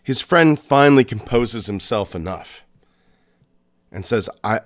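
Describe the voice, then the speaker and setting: A man hosting a podcast, narrating a scary story in a suspenseful way, with pauses and restarts. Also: on the low side, expressive. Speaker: podcast host.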